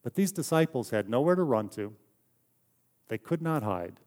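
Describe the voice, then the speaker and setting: A man preaching a sermon in a conversational, story-telling way, often dropping to a soft hush for emphasis. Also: medium pitch, big pitch swings, normal speed. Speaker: pastor.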